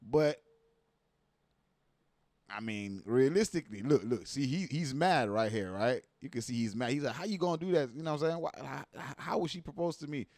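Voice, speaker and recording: A man giving casual reaction commentary, animated and profane, full of slang and repeated asides like "you know what I mean.". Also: mid-range voice, moderate pace, dry recording, clean studio sound.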